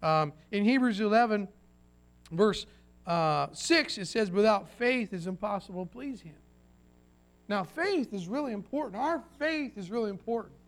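A man's voice: high-pitched, lively intonation, moderate pace, soft background music. A pastor preaching a sermon in a folksy way, acting out quoted voices and often restarting his sentences.

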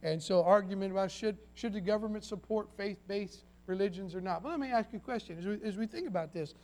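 A man's voice: high-pitched, fast, a little mellow. A pastor preaching a sermon in a folksy way, acting out quoted voices and often restarting his sentences.

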